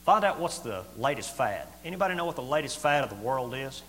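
A man's voice: medium pitch, very animated, fast. Middle-aged male preacher, plain-spoken and folksy, mid-range voice, long echo. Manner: folksy and plain-spoken, swings from loud to quiet. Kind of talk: sermon. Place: church hall. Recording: echoey hall with faint hum.

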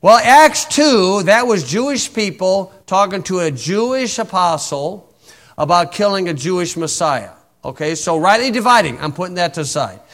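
High-voiced preacher with a folksy, wry delivery. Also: male voice, animated, normal speed, fairly bright tone. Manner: folksy, wry preaching, recites King James scripture. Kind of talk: sermon.

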